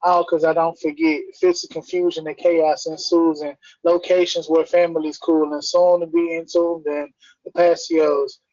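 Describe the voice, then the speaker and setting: A man's voice: fairly high pitch, flat delivery, moderate pace, a little mellow, dry recording. A man reading spoken word poetry on a livestream, blunt and rhythmic. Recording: dry, dull lo-fi stream audio.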